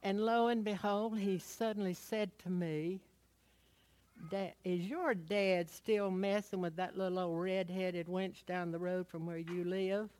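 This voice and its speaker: Woman playing a sly college boy, soft and wheedling, dropped low in a sermon joke. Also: fairly even intonation, a little slow, close to an everyday voice. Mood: grave. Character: scheming college-age son, smooth-talking.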